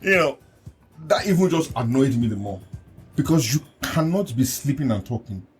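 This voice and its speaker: A man hosting a relaxed podcast chat, his pitch sitting mid-range for a man but swooping up and down all the time. He tells stories animatedly, acting out quotes and breaking into laughter. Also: moderate pace, over music. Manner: animated storyteller, laughs often, acts out quotes. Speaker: podcast host and coach. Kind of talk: casual conversational chat.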